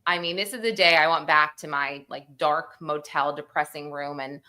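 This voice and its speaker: A woman's voice: sits low, steady tone, moderate pace, bright, forceful tone. A woman recapping a court hearing in emotional casual talk, rambling, quoting people, tearful and close to crying. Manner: rambling, quotes people in acted voices.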